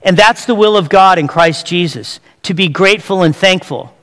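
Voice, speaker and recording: Guy preaching w/ jokes and questions to the crowd, pretty high voice, echo from a big hall. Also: moderate pace, a bit bright. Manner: conversational preaching with humor, rhetorical questions to the congregation. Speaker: pastor. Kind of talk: sermon. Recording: long hall reverb.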